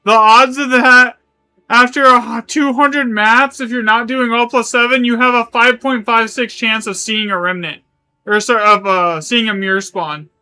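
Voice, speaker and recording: A man's voice: extremely high pitch, steady tone, moderate pace, sharp tone, clean tone, faint music behind. A man streaming a game live, chatting casually in a rambling way, correcting himself as he goes and swearing now and then. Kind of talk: live gaming stream chat.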